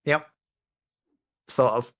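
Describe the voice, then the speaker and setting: A man with a British accent rambling through stories in casual chat while gaming, chuckling now and then. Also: very slow. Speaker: co-player on a stream.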